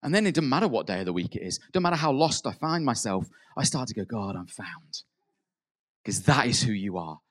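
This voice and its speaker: A man preaching a sermon in an earnest way. He rises to emphatic peaks, then drops soft, and acts out quoted prayers. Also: medium pitch, sing-song, quick pace, hardly any pauses.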